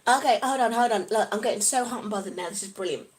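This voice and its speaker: A woman from the UK chatting casually on a live stream, reading out comments in a bubbly, giggly, excitable way. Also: a little high, quick pace, noisy background. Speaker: vlogger reading live chat.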